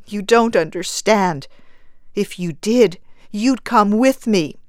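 A woman's voice: measured pace, no room sound, studio quality, natural voice. A woman reading aloud, voicing a grieving young mother dressed in black who speaks in a choked, pleading way. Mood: distraught. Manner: choked, pleading, high-strung.

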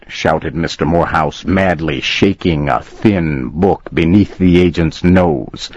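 A man reading a story aloud slowly and deliberately as narrator. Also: rumbling low, no echo. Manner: slow, deliberate, expressive. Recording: dull lo-fi dry recording.

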